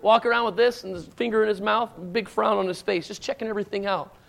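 A man's voice: high-pitched, fairly even intonation, fast, gravelly. A middle-aged man preaching a sermon as a pastor, talking in a loose, conversational way with restarts and asides. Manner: conversational, rambling with restarts, acts out shouted lines in stories. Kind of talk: sermon with personal stories.

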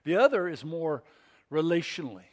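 A male pastor preaching a sermon in an expressive way, acting out scripture scenes. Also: on the high side, fairly quick.

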